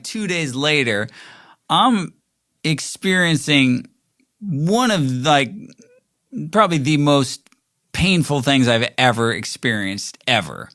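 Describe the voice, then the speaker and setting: A man's voice: medium pitch, a bit bright. A man in his forties, hosting his own show, talking in a rambling, reflective monologue full of "like" fillers. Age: 40s. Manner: rambling, frequent "like" fillers, mimics quoted voices. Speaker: podcast host.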